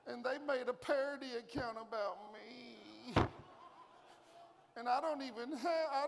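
A man's voice: very high voice, gravelly, pitched above the performer's own voice, heavily acted. A man voicing a whiny, self-pitying old male prophet who complains in a sulky way, in a big echoing hall. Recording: long echo of a large auditorium.

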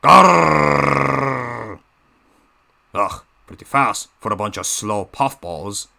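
A man voicing a scheming villainous male diesel engine with a put-on Russian accent, slow, gravelly and menacing. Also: fairly low pitch, pushed and bright, voice pushed down. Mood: frantic angry.

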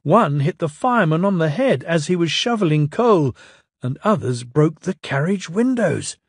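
A man reading a children's storybook aloud in a lilting, expressive way. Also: a little high, normal speed, slightly rough, no echo, clean studio sound. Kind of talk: storybook narration.

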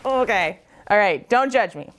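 Blunt, teasing woman with a lively voice. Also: mid-range voice, a little slow, heavy background noise. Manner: blunt, teasing, self-mocking. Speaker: dating show participant. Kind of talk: casual chat. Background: faint background music.

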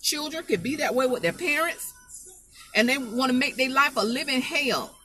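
A woman's voice: sits high, animated, moderate pace, pushed and bright, faint music behind. A woman preaching an informal spoken sermon, emphatic and folksy, repeating her phrases to drive the point home.

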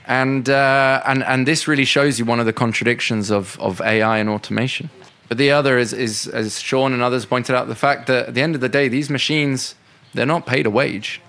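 A man's voice: medium pitch, fairly even intonation, fairly quick, a bit bright. A man giving an unscripted talk that answers audience questions, conversational and full of fillers and restarts. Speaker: speaker at a political education session.

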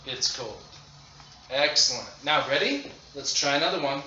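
A man teaching English to children in a demo lesson, speaking slowly and deliberately and repeating phrases for learners. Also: on the high side, expressive, pushed and bright. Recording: roomy, dull lo-fi audio with faint noise.

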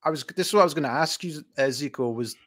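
A man hosting a casual boxing chat, talking in a rambling, chatty way with quick restarts. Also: fairly high pitch, fairly bright tone. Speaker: host.

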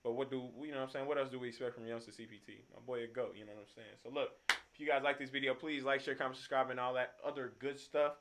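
A man's voice: mid-range voice, flat delivery, quick pace, a bit bright, slight background noise. A young man hosting a music reaction video, talking loosely in with lots of slang and fillers. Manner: laid-back, loose slang and frequent fillers. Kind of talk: casual reaction commentary.

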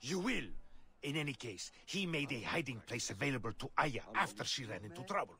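A man's voice: mid-range voice, sing-song, brisk, pushed and bright, long reverb tail. An actor playing a grand, flowery male scholar-poet guiding a stranger in a video game. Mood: theatrical. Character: theatrical male scholar-poet, cousin and guide.

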